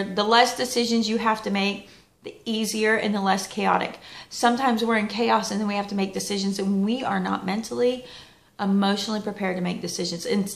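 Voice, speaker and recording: A woman giving casual, chatty wellness advice as a vlogger, folksy and lively with plenty of asides. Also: mid-range voice, vocal fry, roomy sound. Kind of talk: casual motivational talk.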